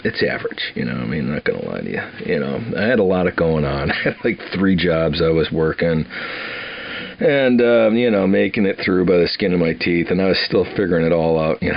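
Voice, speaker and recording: An older man from Wisconsin, USA, with a low, gravelly voice recounts his life story over lo-fi sound. His casual storytelling rambles, he laughs along, and he restarts his sentences often.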